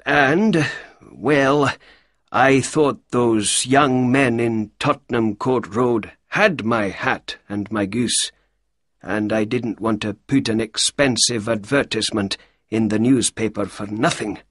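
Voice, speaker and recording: A reader putting on a big, down-on-his-luck older gentleman from a storybook, who speaks slowly, quietly and carefully. The voice is husky and close, with a dry sound. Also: medium pitch, no room sound. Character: poor, gentle older man, big and slow.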